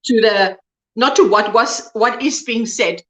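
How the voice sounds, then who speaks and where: A woman's voice: fairly high pitch, measured pace, reverberant. A woman hosting a casual crochet livestream, chatting and reading viewer comments aloud while she works. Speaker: livestream host.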